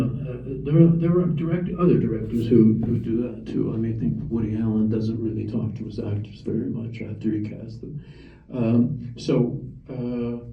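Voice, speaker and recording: An older film director with a Toronto accent, giving measured, wry interview answers with frequent restarts. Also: male voice, mid-range voice, echoey room, recorded from a distance, dull audio, slight background noise.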